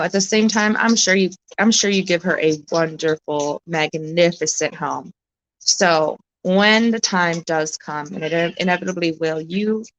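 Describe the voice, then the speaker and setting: A woman chatting on a live stream, close to tears, halting and emotional, swearing often as she talks. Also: mid-range voice, dry recording, muffled recording. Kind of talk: casual live-stream chat.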